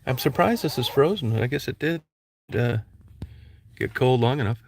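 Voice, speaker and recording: A man rambles casually into his camera from behind the wheel, chatting with his dog and his viewers. His voice sits in an ordinary middle register. A steady hum of car noise runs under everything he says. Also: medium pitch, normal speed, vocal fry. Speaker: vlogger. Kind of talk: casual vlog while driving. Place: inside a van on a road trip. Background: car and road noise.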